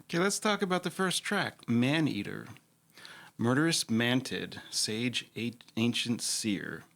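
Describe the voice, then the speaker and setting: A man hosting a radio interview, asking calm, brief questions. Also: medium pitch, measured pace, vocal fry.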